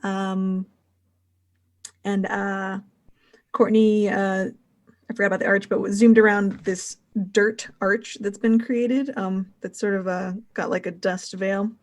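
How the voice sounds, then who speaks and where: A woman's voice: medium pitch, flat delivery, slow. A woman narrating as game master of a tabletop game, rambling with many fillers.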